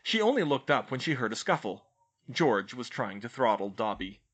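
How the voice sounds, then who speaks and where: A man reading fan fiction aloud as an expressive audiobook narrator. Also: mid-range voice, moderate pace. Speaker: audiobook reader.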